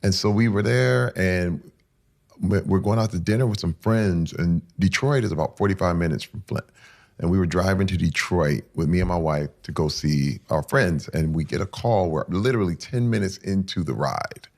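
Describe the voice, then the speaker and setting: Low gravelly man telling his story. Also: moderate pace. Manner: rough street talk, building to loud intensity. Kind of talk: emotional personal storytelling.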